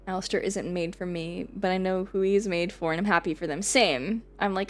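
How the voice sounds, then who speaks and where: A woman's voice: on the low side, fairly even intonation, brisk, few pauses. A woman streamer chatting casually on a live stream, rambling, laughing often and swearing casually.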